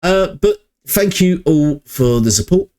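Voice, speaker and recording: A man's voice: sits high, lively intonation, a little slow, darkish tone. Rambling man vlogging about games. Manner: rambling and hesitant, many fillers, chuckles between points. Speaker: gaming channel vlogger. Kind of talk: casual opinion vlog. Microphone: budget mic.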